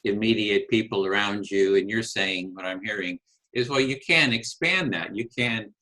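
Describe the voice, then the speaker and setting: A man's voice: fairly low pitch, normal speed, pushed and bright, rough recording. Earnest man hosting a discussion. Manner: earnest, retelling exchanges with acted quotes. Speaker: host. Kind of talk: conversational discussion. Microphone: video call.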